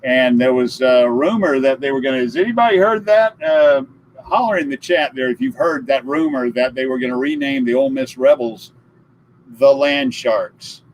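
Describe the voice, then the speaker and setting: Brief: man, middle-aged, stream host, lively up-and-down jokey delivery. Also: mid-range voice, moderate pace, slight background noise, low-quality recording. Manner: jokey, storytelling, laughs at his own puns. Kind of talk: casual live stream chat.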